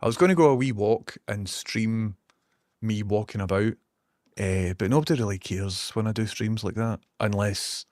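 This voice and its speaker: A Scottish man with a lowish voice chats loosely on a live stream, drifting between stories and shout-outs to viewers with the odd curse. His sound is dry and close, with no room echo. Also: moderate pace. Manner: rambling and chatty, reads out viewer messages, swears casually. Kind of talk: casual live-stream chat. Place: small room in a basement, curtains shut.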